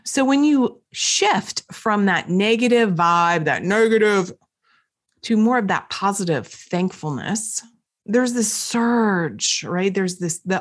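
A middle-aged woman hosting a podcast at home, talking straight to the listener in a lively, coaching way about gratitude. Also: mid-range voice. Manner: animated, coaching, talks to the listener directly. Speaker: podcast host. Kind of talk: motivational podcast talk. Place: indoors at home.

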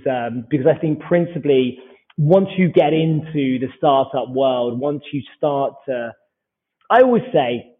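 A man's voice: mid-range voice, slightly rough. A British man in his forties, a startup founder, telling stories in a casual interview and acting out the dialogue as he goes. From United Kingdom. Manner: animated anecdotal storyteller who acts out dialogue. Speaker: startup founder, podcast guest. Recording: tinny phone-like line.

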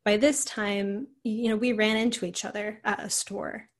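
A woman's voice: medium pitch, steady tone, moderate pace. A young woman, a podcast guest, telling a personal story in a rambling way full of "like" and "you know". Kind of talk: casual conversational storytelling.

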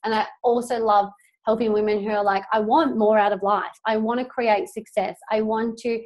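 A woman's voice: a little high, steady tone, normal speed, darkish tone. A young woman hosting a solo motivational podcast, talking casually and emphatically, swearing freely as she coaches her listeners.

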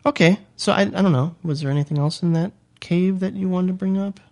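A man's voice: sits high, brisk, a little mellow. A man co-hosting a podcast, chatting casually with an enthusiastic, jokey, slightly rambling manner. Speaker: podcast co-host. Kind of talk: casual chat.

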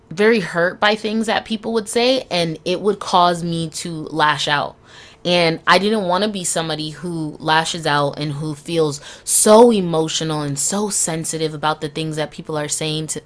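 With a low-sitting, fairly bright voice, this young solo podcast host speaks frankly and candidly, cursing without restraint and laughing between lines.

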